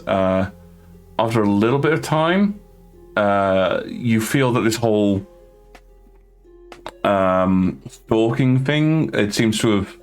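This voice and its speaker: A man narrating as game master of a tabletop game, halting with many fillers and restarts. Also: on the low side.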